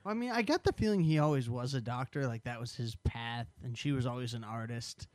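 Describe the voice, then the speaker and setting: Male podcast co-host, mid-pitched, short casual replies, dry close sound. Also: fairly quick, darkish tone, no echo. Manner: brief agreeing replies and short corrections. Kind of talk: casual film podcast chat.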